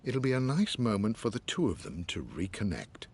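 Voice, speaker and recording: A man's voice: fairly low pitch, wildly swooping pitch, normal speed, gravelly, a little mellow, husky, exaggerated voice. An older man playing a devoted, patient butler, reading his own letters as game voice-over in a formal, deferential manner. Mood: warm.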